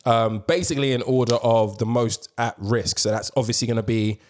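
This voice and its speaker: A man talks through the news on a casual podcast. He is animated and slangy and swears freely. His voice sits at an ordinary middle pitch. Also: brisk. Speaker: podcast host.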